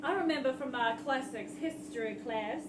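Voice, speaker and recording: A New Zealand-accented woman playing a tabletop game, deliberate and coaxing. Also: high-pitched. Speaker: player. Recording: distant echoey mic, loud crowd and noise.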